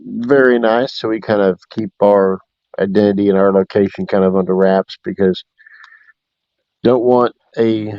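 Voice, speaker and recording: A man's voice: lowish voice, dry recording. A man hosting a fishing livestream, chatting casually and telling stories with fillers. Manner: laid-back storytelling with fillers. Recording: dull dry audio.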